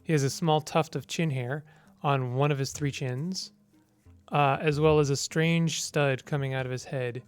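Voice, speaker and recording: A man plays a text game and narrates casually, reading the on-screen options aloud in a clear, slightly high voice. He mumbles through menu choices. Faint music plays behind him. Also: steady tone, measured pace. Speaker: gamer. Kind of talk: casual gameplay commentary.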